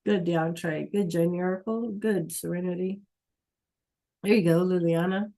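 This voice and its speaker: A woman's voice: on the low side, steady tone, a little slow, gravelly, dark tone. A woman teaching a Spanish class online over a computer mic, patient, checking in often with "okay?" and "right?".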